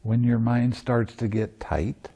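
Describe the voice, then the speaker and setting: A man's voice: medium pitch, little pitch movement, slow, warm tone, slightly rough, muffled recording. A man giving a dharma talk as meditation teacher at a retreat, teaching playfully and often laughing. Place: meditation center.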